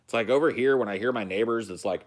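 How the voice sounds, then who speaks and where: A man hosting a casual livestream chat, loose and profane, bursting into loud silly sound effects, talking from a phone while sitting outdoors at home. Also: medium pitch, fast. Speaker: podcast host. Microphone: phone stream.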